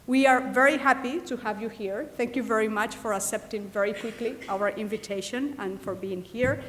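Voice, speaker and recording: A woman's voice: fairly high pitch, normal speed, fairly bright tone, slight background noise. Woman introducing a speaker in an echoing hall. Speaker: session chair introducing the speaker. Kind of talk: formal introduction. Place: lecture hall. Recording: long hall reverb.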